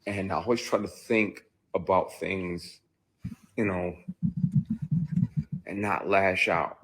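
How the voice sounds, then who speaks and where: Man, very low voice, husky, blunt, profane, emotional first-person storytelling. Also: steady tone, takes it slowly, pauses often, fairly bright tone. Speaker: actor telling his story.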